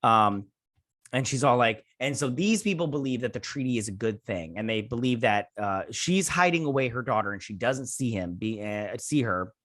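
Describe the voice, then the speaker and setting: A man's voice: medium pitch, expressive, normal speed, a bit bright. A man in his thirties hosting a review show, recapping an episode in a rambling, casual way, full of fillers and jokey asides.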